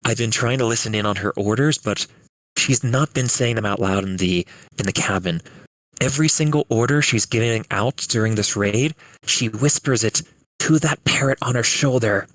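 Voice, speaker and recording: A man voicing a cocky male spy in a cage who talks in a rushed, breezy way. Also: medium pitch, a bit bright, dry recording, lightly acted, poor audio. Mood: conspiratorial.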